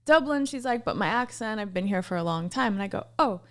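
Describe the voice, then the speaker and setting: A woman's voice: medium pitch, expressive, fast talker. A woman co-hosting a podcast in casual chat, telling stories and slipping into other voices. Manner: chatty storyteller, slips into other voices. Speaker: podcast co-host.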